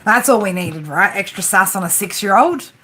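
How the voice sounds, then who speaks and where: A woman's voice: medium pitch, moderate pace, background noise. An Australian woman in her forties chatting casually on a livestream as a tarot reader, joking and tagging her sentences with "right?". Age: 40s. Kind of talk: casual live-stream chat. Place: room with a flat roof. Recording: steady rain drumming behind her. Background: rain on the roof.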